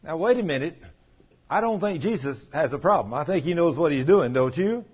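A middle-aged man preaches in a folksy, storytelling way, slipping into the voices of the people he talks about. His voice sits a little high and has a husky edge. The recording sounds muffled and lo-fi. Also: expressive, brisk. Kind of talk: sermon. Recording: dull lo-fi recording.

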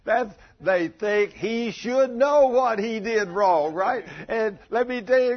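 A man's voice: high-pitched, slow pace, few pauses. A middle-aged man preaching a folksy, joking sermon, rambling with frequent restarts. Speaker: pastor. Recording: dull lo-fi sermon recording.

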